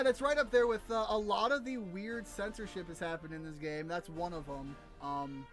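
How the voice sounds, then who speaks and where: A man's voice: sits high, fairly bright tone. An American man streaming a game, chatting casually in a rambling, joking, self-mocking way. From United States. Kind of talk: casual gameplay commentary.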